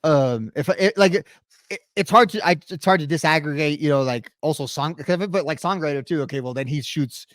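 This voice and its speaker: A man's voice: fairly high pitch, fairly quick, dry recording, clean studio sound. A man co-hosting a music podcast in casual chat over a remote call, hedging his points with many restarts and you-knows. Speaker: podcast co-host. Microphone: remote call mic.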